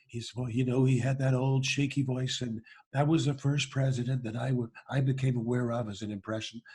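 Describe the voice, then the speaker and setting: A man, a comedian and impressionist, chatting in an interview and telling lively anecdotes. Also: mid-range voice, breathy edge. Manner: lively storyteller, slips into voices. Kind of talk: casual interview chat with anecdotes.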